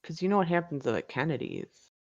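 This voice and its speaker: A woman's voice: low voice, animated, fast talker, highs cut off. A woman co-hosting a casual stream chat, playfully indignant and dramatic. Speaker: co-host.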